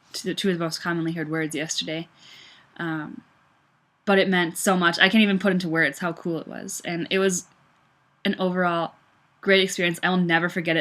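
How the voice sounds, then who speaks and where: A young woman from the United States chatting about her day with animated bursts of excitement. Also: on the low side. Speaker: vlogger. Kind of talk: casual recap.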